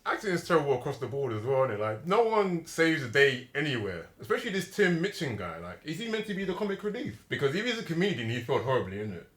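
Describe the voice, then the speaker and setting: A man's voice: fairly high pitch, big pitch swings, fast, hardly any pauses, fairly bright tone. A young man, giving blunt, dismissive views in a casual movie review chat. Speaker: podcast co-host. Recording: roomy echo.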